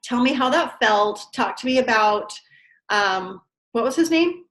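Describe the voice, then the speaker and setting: A woman leading a team training call, asking questions and offering encouragement with quick asides. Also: on the high side, lively intonation, fairly bright tone, rough recording. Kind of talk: interviewing, coaching.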